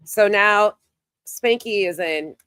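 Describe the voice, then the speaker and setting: A woman's voice: mid-range voice, slow pace, fairly bright tone, clean tone, no room sound. A woman hosting a casual livestream who talks bluntly, swears and greets her chat by name, and she is losing her voice. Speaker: livestream host.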